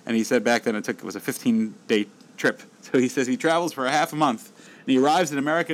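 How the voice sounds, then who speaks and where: A man giving a storytelling lecture as a Torah teacher, animated and repeating words when excited. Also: mid-range voice, quick pace, rough recording.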